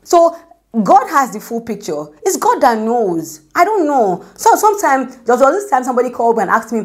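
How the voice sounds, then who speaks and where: A woman's voice: sits high, sing-song, a little fast. Chatty young woman giving a faith talk. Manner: conversational, repeats "do you get me?"; acts out quotes, drops to a whisper for prayers. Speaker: Christian speaker. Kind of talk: informal devotional talk.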